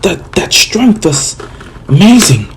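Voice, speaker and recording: A stern, fatherly old village leader, as a man puts him on while retelling a fan story. He speaks slowly, close to the storyteller's own voice. Faint background noise sits under it. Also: mid-range voice, close to an everyday voice. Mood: impressed. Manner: lightly voiced quotes in the narrator's own voice.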